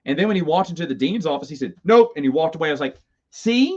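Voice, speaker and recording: This middle-aged host rambles through casual stories about his college days, amused at himself and stammering into restarts. His voice is a little high and darkish in tone, and he talks at a racing clip. The recording has a slightly dull, lo-fi quality.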